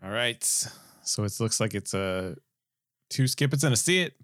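A man co-hosting a casual movie review podcast, jokey and animated. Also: on the low side, normal speed, no echo, studio quality. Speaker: podcast co-host.

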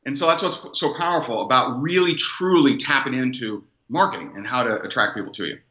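A man telling a personal story as an interview guest, animated and rambling, with many fillers and restarts. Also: medium pitch, brisk. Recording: dull, echoey room sound.

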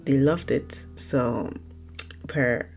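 A young woman from Nigeria hosting her own casual podcast, talking fast and rambling, often correcting herself mid-sentence. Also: very deep voice, gravelly, a little mellow, breathy edge. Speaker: podcast host. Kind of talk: casual solo podcast talk.

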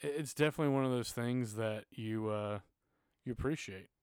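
A man's voice: mid-range voice, fairly quick, darkish tone, smooth, no echo, clean studio sound. A man in his thirties, a church music minister, telling personal stories in a casual podcast chat, earnest and at times emotional.

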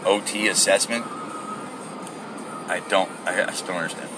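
A man's voice: sits low, fairly even intonation, normal speed, loud music behind the voice, low-quality recording. A middle-aged man hosting a casual solo podcast from his car, telling a rambling story and acting out the people in it with mock voices. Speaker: podcast host. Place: in a car, at a gas station.

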